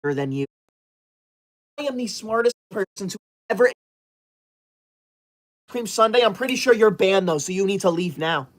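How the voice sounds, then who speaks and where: A man livestreaming in a strict teacher persona, reading viewer comments out loud in a loud, indignant and bossy way. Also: high voice, expressive, moderate pace, pauses often.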